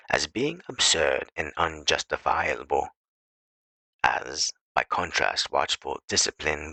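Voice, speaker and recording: A man reading an essay aloud as an audiobook narrator, in a measured, deliberate way. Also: a bass voice, pushed and bright, no echo, low-quality recording. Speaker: audiobook reader.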